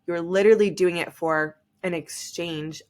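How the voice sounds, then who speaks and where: Young woman, podcast host, casual storytelling, lots of "like", lowish voice. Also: steady tone, normal speed, darkish tone. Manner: chatty, heavy use of "like".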